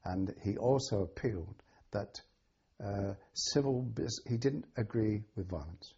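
An older man being interviewed, recalling events with a halting delivery full of ums and restarts. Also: on the low side, mellow, husky, lo-fi sound. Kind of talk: oral history recollection.

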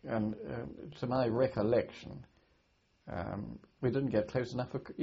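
Gravelly older British man, halting recollection. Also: mid-range voice, fairly even intonation, warm tone. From Britain. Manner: halting, many restarts and repeated words. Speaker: war veteran recalling his service. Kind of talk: oral history interview. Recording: dull lo-fi archive recording.

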